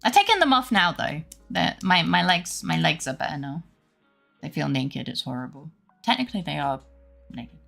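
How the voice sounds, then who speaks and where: A woman's voice: low-pitched, big pitch swings, moderate pace, vocal fry, a bit bright, soft background music. A woman streamer chatting casually with her viewers, rambling and laughing often.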